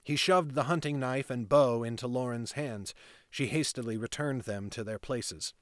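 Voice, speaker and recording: A man reads a fantasy novel aloud at a steady pace, his voice at an ordinary male pitch. The sound is dry and close, with no room echo at all. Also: normal speed. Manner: steady reading with casual off-script asides. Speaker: narrator reading a novel aloud. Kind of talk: fantasy audiobook narration.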